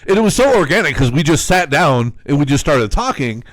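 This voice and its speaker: A man's voice: a little high, very animated, brisk, no room sound, studio quality. A man co-hosting a casual podcast, easygoing and agreeable, telling anecdotes between short replies. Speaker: podcast co-host. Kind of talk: casual chat.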